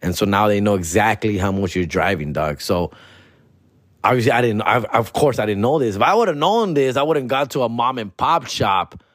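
A man's voice: expressive, normal speed, no echo. Profane storytelling man, dry sound. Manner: profane, slangy, mixes in Spanish slang; jumps high in pitch for his own quoted outbursts. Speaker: podcast host. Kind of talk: comedic storytelling rant.

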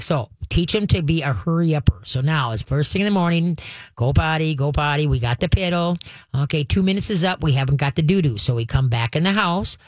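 A man's voice: fairly high pitch, no echo. An older man hosting a call-in radio show, giving dog training advice in a folksy way and often addressing listeners as "folks". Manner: folksy, repeats "folks" and chants commands.

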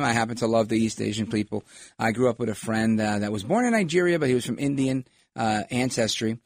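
A middle-aged male talk host with a husky voice delivers animated, opinionated political commentary, rambling and drifting onto tangents. He talks fast, and his pitch swings widely. The audio is dry and close-miked, with no echo or room sound.

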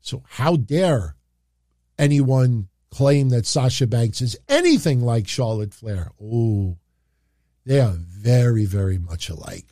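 Here the New York-accented wrestling streamer speaks slowly with a warm tone and lively intonation, his pitch medium. He's still rambling and opinionated on the livestream, full of filler phrases, and the sound is clean studio audio with no room sound.

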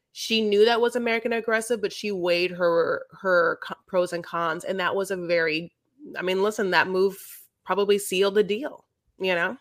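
A woman's voice: medium pitch, fairly bright tone, dry recording, clean studio sound. A woman co-hosting a podcast, recapping a docuseries in a rambling, casual way full of restarts and fillers. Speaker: podcast co-host. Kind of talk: casual chat.

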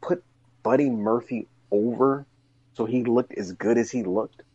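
A wrestling podcast co-host talks animatedly on a casual podcast, rambling through long questions and going high in pitch when he gets excited. He speaks at a measured pace in a slightly rough voice, and the audio is dull, with no echo.

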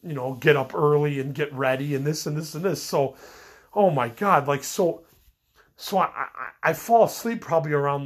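A man's voice: fairly high pitch, breathy edge. A middle-aged man with a cold, rambling and venting his frustrations in a casual personal monologue, full of fillers and restarts. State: sick with a cold. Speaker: podcast host.

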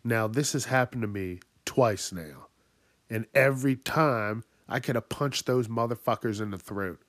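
A man's voice: medium pitch, unhurried, dry recording. A man hosting a podcast, ranting angrily and swearing constantly, acting out other people in raised voices. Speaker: podcast host. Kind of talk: profane ranting monologue.

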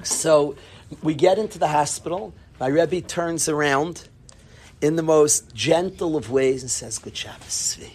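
Animated man telling a funny story. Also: on the high side, unhurried, a little hiss or hum. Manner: animated, self-deprecating, peppered with "like". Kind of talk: humorous personal anecdote told to a group.

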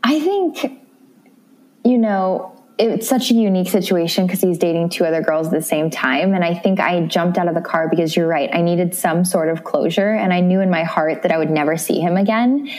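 Candid young woman, low-pitched voice. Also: normal speed, a little mellow. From American Midwest. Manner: candid, emotional, rambling with restarts. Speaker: interview guest. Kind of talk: casual interview chat.

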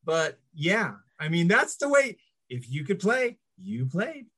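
His voice sits high, with a breathy edge and a slow pace. He's a middle-aged guest in a casual interview, telling animated anecdotes and performing the voices of the people he quotes.

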